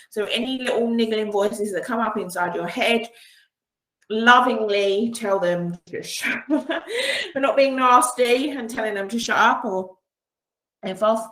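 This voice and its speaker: Woman, business coach on a video call, mid pitch, cheerful and encouraging, echoey room. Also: creaky, fairly bright tone. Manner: upbeat and encouraging, laughs often. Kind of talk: online training session. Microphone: video call with screen sharing.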